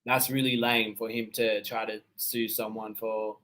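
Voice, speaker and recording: A man's voice: on the low side, measured pace. Laid-back man with a mixed Australian accent. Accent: Australian, mixed with his parents' Seychellois English. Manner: relaxed and conversational, with easy laughs and frequent fillers. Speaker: livestream host. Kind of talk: casual livestream chat, reading and answering viewer comments.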